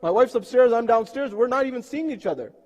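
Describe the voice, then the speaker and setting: A man's voice: extremely high pitch, very animated, racing, vocal fry, a little mellow, voice pushed up, heavily acted. A man voicing an earnest, middle-aged male entrepreneur who pleads emphatically for a real home. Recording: long reverb of a mosque hall.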